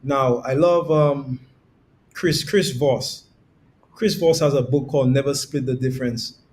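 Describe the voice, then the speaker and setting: Male sales coach, mid pitch, slight rumble behind, animated with quoted examples. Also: a little slow. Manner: demonstrates tones with quoted examples, laughs easily. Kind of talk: conversational podcast explanation.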